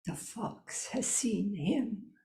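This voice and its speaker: Woman doing a hushed ancient spirit healer. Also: medium pitch, animated, reverberant. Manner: slow, hushed, dreamy pronouncements. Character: very old female spirit healer, odd and mysterious.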